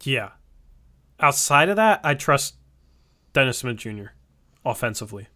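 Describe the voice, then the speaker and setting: A man co-hosting a casual sports podcast, arguing his opinions at length with quick asides. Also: mid-range voice, very animated, sharp tone. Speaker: podcast co-host.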